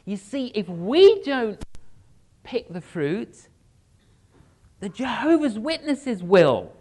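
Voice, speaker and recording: Lively, unhurried storytelling preacher man. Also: high voice. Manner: animated storyteller acting out dialogue; humorous asides to the congregation. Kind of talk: storytelling sermon. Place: church.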